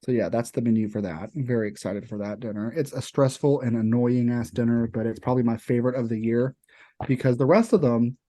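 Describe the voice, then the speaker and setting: A man's voice: mid-range voice, brisk, dark tone. A young man from Kentucky co-hosting a podcast, rambling casually about cooking with lots of fillers. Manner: rambling, filler-heavy storytelling. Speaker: podcast co-host and chef. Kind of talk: casual chat.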